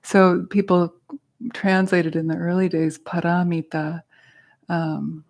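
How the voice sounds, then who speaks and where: A woman's voice: on the low side, flat delivery, slow pace, a little mellow. A woman teaching a meditation class, patiently explaining terms in a casual way and adding self-aware asides to the group.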